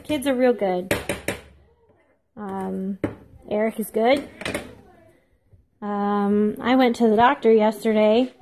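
A woman's voice: fairly high pitch, darkish tone, slight background noise. A woman in her thirties chatting casually to camera while baking, rambling and self-deprecating, laughing often. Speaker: vlogger.

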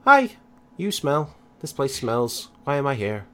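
A man's voice: mid-range voice, a little slow, pitched above the performer's own voice. A man voicing a blunt, disdainful young woman companion in a tabletop game. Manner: blunt, complains flatly.

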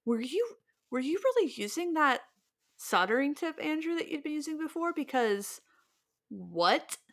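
A woman's voice: sits high, very animated, a little slow, a bit bright. A young woman co-hosting a casual podcast, playful and teasing. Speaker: podcast co-host.

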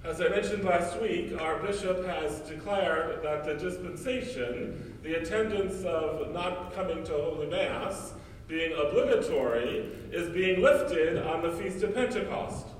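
A man's voice: high-pitched, measured pace, slight background noise. A male priest giving a sermon, preaching emphatically with repeated rhetorical questions. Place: church. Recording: echoey church from far off.

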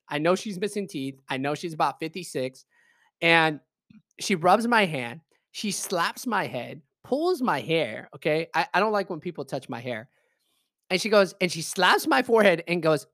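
A man telling a personal story in casual, animated, emphatic speech, swearing freely. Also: fairly high pitch, no echo. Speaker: podcast host. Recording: dry close voice message.

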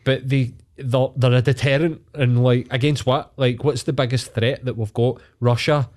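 A man's voice: mid-range voice, flat delivery, normal speed, a little mellow. A man with a Scottish accent on a casual podcast, ranting and swearing heavily.

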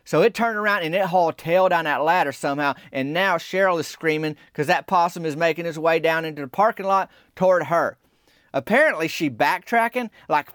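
A man telling a rambling, deadpan comic story in a conversational way. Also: high-pitched, dry recording, studio quality.

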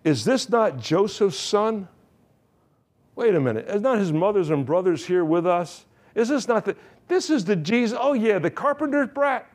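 A man's voice: high-pitched, expressive, normal speed, darkish tone, pitched above the performer's own voice. A man voicing a scornful hometown crowd that mocks a local preacher, in a sneering, incredulous tone. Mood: mocking.

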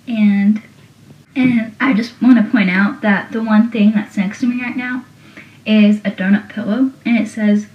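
A woman's voice: medium pitch, fairly even intonation, unhurried, darkish tone. A young woman chatting casually as she recaps a TV episode, full of rambling asides. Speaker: show recapper. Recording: dull, roomy, from a distance.

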